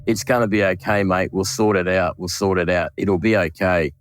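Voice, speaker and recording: A man's voice: deep voice, steady tone, moderate pace, smooth, no echo, natural voice. An Australian man quoting a friend's words in a worried, reassuring tone. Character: anxious but hopeful middle-aged man, friendly.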